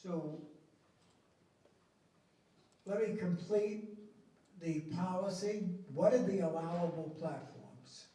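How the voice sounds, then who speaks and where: A middle-aged man presenting policy at a school board meeting, slow and emphatic, stressing key words. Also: high-pitched, dark tone. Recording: echoey meeting room from far off.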